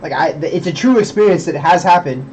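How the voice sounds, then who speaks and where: A man's voice: on the high side, fast, darkish tone, highs cut off, slight background noise. A young man streaming, rambling in casual chat, swearing a lot and preaching about belief.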